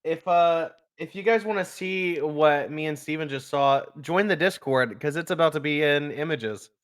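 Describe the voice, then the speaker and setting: A man playing a tabletop game, excitable and often laughing. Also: on the high side, moderate pace. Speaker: player.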